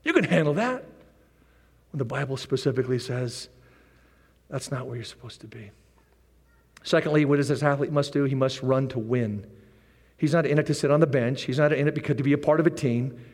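A man preaching a sermon as pastor, animated, with repeated rallying phrases and joking asides. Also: medium pitch, fairly quick. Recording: long reverb of a large hall.

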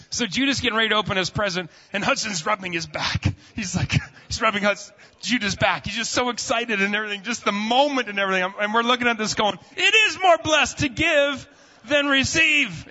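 Sharp and high-pitched, the voice belongs to a thirty-something male pastor preaching in a church sanctuary. He wanders through family stories in a relaxed way, filling gaps with fillers. Sound is muffled, carrying a long reverb from the hall.

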